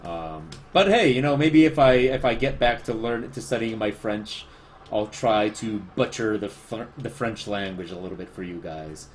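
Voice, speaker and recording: A man's voice: lowish voice, moderate pace, slight background noise. A man with a Spanish accent, a livestreaming artist chatting casually, rambling and self-deprecating as he answers chat.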